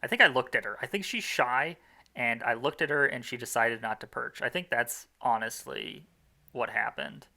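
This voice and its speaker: A young man talks through his own game run in loose, self-mocking commentary, restarting his sentences and filling gaps with "uh" and "like". His voice has a gravelly fry to it, with a bright, edgy tone on top. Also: medium pitch, moderate pace. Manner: rambling, self-mocking, with many fillers and restarts. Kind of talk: casual gameplay commentary.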